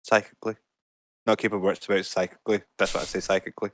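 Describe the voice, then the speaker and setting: A man playing his character in a tabletop game, thinking aloud hesitantly and filling his pauses with lots of ums. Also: fairly low pitch, flat delivery, background noise. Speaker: player. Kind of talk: casual tabletop play.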